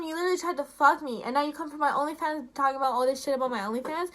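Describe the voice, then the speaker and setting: Young woman vlogger, high bright voice, heated profane rant with lots of filler. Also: racing, hardly any pauses. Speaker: YouTuber. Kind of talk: casual ranting vlog.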